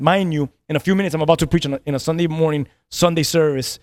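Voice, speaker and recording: A man's voice: on the high side, racing, darkish tone, dry recording. Earnest man telling a story, dry sound. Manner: earnest, repeats words, laughs between lines. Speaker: pastor. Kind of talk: casual podcast storytelling.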